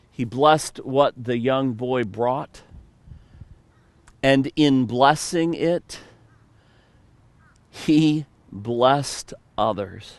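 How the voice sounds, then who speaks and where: A man preaching a sermon as pastor, telling a story and briefly acting out the characters with sudden jumps in pitch. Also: dry recording.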